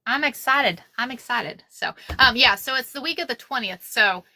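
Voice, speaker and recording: A middle-aged woman hosting a craft livestream, chatting casually and excitedly while sewing, often repeating herself and calling out to viewers. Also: fairly high pitch, moderate pace, vocal fry, a little hiss or hum.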